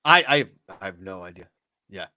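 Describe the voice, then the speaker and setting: A man's voice: deep voice, big pitch swings, fairly quick, pushed and bright, dry recording. A man co-hosting a sports talk show, ranting animatedly and swearing now and then. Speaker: podcast co-host. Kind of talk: casual sports chat.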